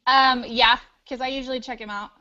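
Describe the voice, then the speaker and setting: Cheerful, giggly woman in a casual chat, high-pitched, dull lo-fi call sound. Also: fairly even intonation, brisk, over a noisy crowd.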